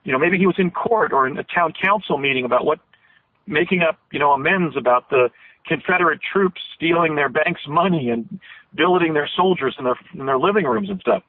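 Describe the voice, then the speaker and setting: A man's voice: fairly high pitch, fairly quick, no room sound. Earnest man on a tinny phone line. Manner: earnest, long detailed storytelling; emotional, voice catching. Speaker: radio show guest. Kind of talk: phone-in radio interview.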